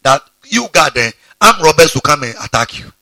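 Animated gravelly-voiced preacher. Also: male voice, normal speed, no room sound. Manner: preaching with sudden high exclamations. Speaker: pastor. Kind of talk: sermon.

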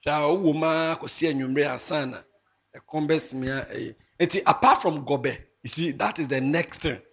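A man giving a moral talk to students, animated and mixing English with local phrases, rising to emphatic shouts. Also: on the high side, moderate pace, breathy edge. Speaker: speaker addressing students. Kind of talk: moral talk to young people.

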